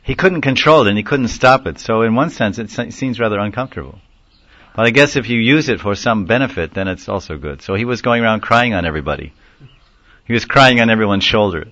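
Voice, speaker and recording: A man with a fairly low voice gives a devotional class lecture. He tells stories animatedly and chuckles as he acts out little quotes. The recording is dull and dry. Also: lively intonation, quick pace, a bit bright, no room sound. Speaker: spiritual lecturer.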